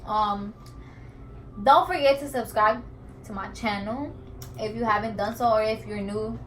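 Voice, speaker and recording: A woman's voice: a little high, unhurried, poor audio. A young woman hosting her channel in a laid-back, slangy, chatty way. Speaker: channel host. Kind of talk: casual chat. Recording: faint background noise.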